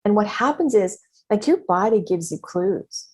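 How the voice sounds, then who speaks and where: A woman's voice: medium pitch, animated, normal speed, darkish tone, husky. A middle-aged woman hosting a podcast, talking candidly and expressively and swearing freely as she reflects. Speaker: podcast host and business mentor. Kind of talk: casual spoken reflection.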